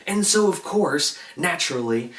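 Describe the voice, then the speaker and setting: Chatty excitable man in an echoey room. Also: on the high side, a little slow, far from the mic. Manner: chatty, excitable retelling with frequent "like" and acted-out quotes. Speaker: TV episode reviewer. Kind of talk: casual video review.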